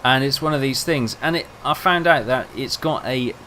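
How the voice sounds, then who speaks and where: A man's voice: medium pitch, normal speed, pushed and bright, a little hiss or hum. A young man rambling casually, telling self-mocking stories over gameplay. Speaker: gaming video host.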